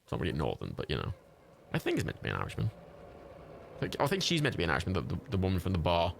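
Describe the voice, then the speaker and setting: Sweary, excitable man streaming. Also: low-pitched, very fast, creaky, a little hiss or hum. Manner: sweary, excitable, rambling with restarts. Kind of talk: live gameplay commentary.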